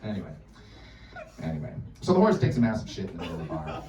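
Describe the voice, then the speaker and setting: A male stand-up comedian doing a profane, animated routine in a bar. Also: low-pitched, fast, muffled recording. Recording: echoey bar, from far off.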